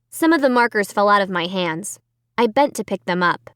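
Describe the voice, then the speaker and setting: A woman's voice: medium pitch, expressive, moderate pace, fairly bright tone, clear, resonant tone, no echo, studio quality. A woman narrating a children's horror audiobook in the first person, telling it dramatically and expressively.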